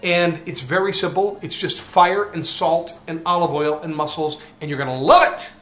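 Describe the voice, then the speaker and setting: Male home cook host, casual and jokey, bit higher voice, outdoor camera-mic sound. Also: moderate pace. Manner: upbeat, jokey, gets loud and excited. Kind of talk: casual cooking demo. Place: outdoor backyard grill area. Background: faint burner roar and outdoor noise.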